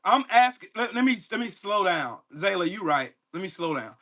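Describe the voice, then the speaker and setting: Dude yelling at his livestream chat, swears nonstop, mocking, aave, high bright voice. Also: very animated, moderate pace. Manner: profane, mocking, confrontational. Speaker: livestream host. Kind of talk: angry political rant to live chat.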